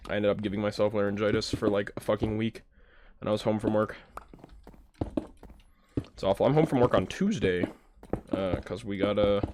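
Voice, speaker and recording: A man's voice: on the low side, noisy background. A man with a nasal voice rambling casually and profanely while playing a video game. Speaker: gaming YouTuber. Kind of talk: casual gaming commentary.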